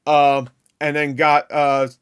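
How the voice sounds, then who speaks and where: A man's voice: on the high side, monotone, slow, clean tone. Rambling, swearing movie reaction guy. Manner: rambling, profane, laughing asides. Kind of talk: casual reaction commentary.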